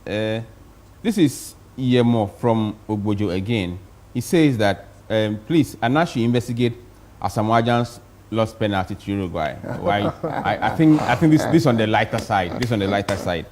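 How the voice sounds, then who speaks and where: A man's voice: lowish voice, normal speed, darkish tone. Male sports show host. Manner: brief interjections, reads messages aloud. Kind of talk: talk radio hosting, reading listener messages.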